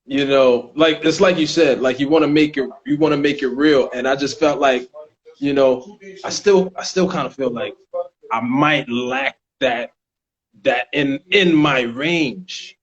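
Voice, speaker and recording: A man with a New York accent, an actor and co-host, chatting casually on a podcast with frequent restarts and easy laughter. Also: medium pitch. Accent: New York (Staten Island). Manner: halting, restarts a lot, laughs easily. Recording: dull lo-fi recording.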